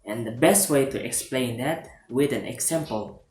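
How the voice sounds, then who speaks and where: A man reads a phonology lesson aloud as a student presentation. His delivery is steady and scripted, with the odd stumble and restart. The room gives his voice a roomy echo, and faint music plays underneath. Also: mid-range voice, normal speed. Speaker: student presenting a class assignment.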